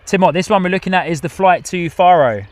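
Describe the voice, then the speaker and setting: A man's voice: high voice, fast, no room sound. A man hosting a live plane-spotting stream outdoors at an airport, commenting on planes in a chatty way and reading out viewer comments with frequent laughs.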